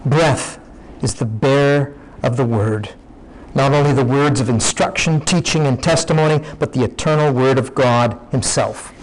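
A man's voice: mid-range voice, normal speed, low-quality recording. A man preaching a sermon, teaching in a conversational way, often restarting his sentences.

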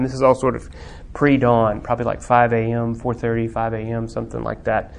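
A man teaching a Bible class on theology and religious art. He speaks reflectively with many pauses and fillers, then builds to fervent emphasis. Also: mid-range voice, level tone, gravelly.

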